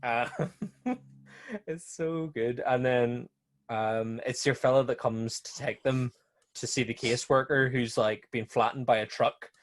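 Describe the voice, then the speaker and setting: A man's voice: mid-range voice, flat delivery, normal speed. A Northern Irish man co-hosting a casual horror film chat, laughing often as he recounts scenes. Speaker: podcast co-host.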